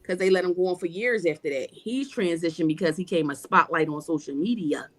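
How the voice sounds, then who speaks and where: A woman joins a livestream panel as a guest, her lowish voice moving a little fast. In this casual spiritual talk she preaches with emphasis and a repetitive cadence.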